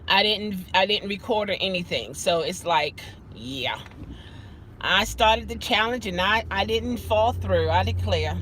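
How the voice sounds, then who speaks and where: A woman's voice: medium pitch, a bit bright, poor audio. A woman chatting casually to her livestream viewers while driving, rambling, greeting commenters by name and repeating a favorite exclamation. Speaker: vlogger and rideshare driver. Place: inside a car driving on city streets. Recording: car and street noise behind.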